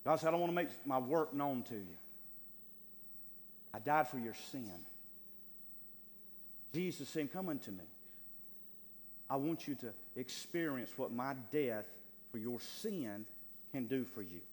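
A male pastor preaching a sermon with fervor, swinging between loud, stretched lines and hushed asides. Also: mid-range voice, expressive, a little slow, long pauses. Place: church sanctuary. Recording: long hall reverb, faint hum.

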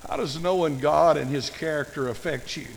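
An older male pastor preaching a sermon with a high-pitched voice and a gravelly rasp. He tells folksy, humorous stories and animates them as he goes, and his voice carries a long reverb through a big hall. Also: moderate pace, slight background noise.

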